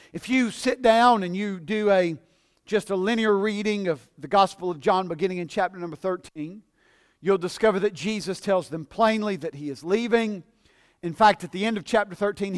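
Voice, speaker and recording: A man preaching a sermon in a church service, swinging from shouted fervor to low, conversational teaching. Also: clear, resonant tone.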